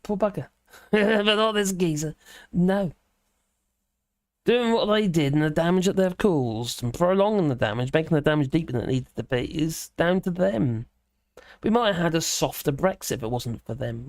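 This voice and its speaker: A woman's voice: sits low, a little mellow, dry recording, studio quality. A woman hosting a livestream, reading a news article aloud and breaking off for sarcastic, mocking remarks, with many fillers and hesitations. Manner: sarcastic, mocking asides between read passages. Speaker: livestream host.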